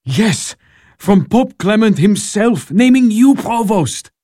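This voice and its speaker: An eager churchman in a radio drama, full of persuasive enthusiasm. His voice sits high for a man and swoops lively up and down. The sound is close and dry. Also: slow pace, no echo, exaggerated voice. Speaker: canon assisting a bishop.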